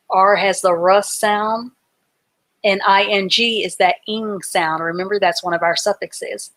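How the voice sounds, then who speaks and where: A woman's voice: medium pitch, fairly even intonation, a little slow, fairly bright tone. A woman teaching a live online reading class, patiently spelling words out letter by letter and explaining them simply.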